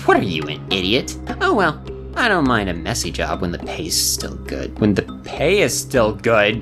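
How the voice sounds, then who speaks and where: A woman's voice: extremely low pitch, wildly swooping pitch, moderate pace, over music, pitched below the performer's own voice, exaggerated voice. Woman playing Jack, a taunting male hunter. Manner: taunting, sing-song menace. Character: menacing male hunter toying with his prey.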